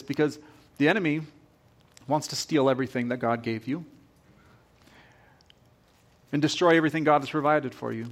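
Man, pastor, sermon, animated, repeats phrases, slightly high voice. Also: normal speed, pauses often.

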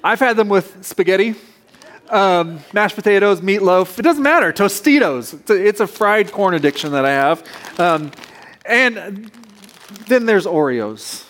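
High-voiced joking pastor, man. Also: animated, unhurried, fairly bright tone. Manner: playful, joking asides with the congregation. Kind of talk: sermon.

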